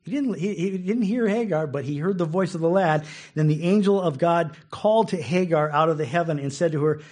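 A man's voice: a little high, a little fast, hardly any pauses, a little mellow. A man preaching a casual, conversational sermon who laughs often and repeats words as he goes. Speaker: pastor.

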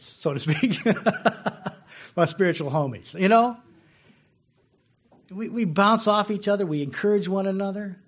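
A male pastor delivers a relaxed, conversational sermon. His voice sits a little high and swings widely in pitch, and he repeats words as he pushes through his points. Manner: lively and conversational, laughing and repeating words as he goes.

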